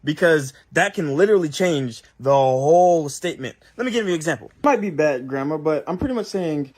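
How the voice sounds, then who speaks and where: Guy in a clip talking to camera, earnest and insistent, voice a bit high. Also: expressive, a little fast. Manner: earnest, insistent, explains himself. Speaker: video creator.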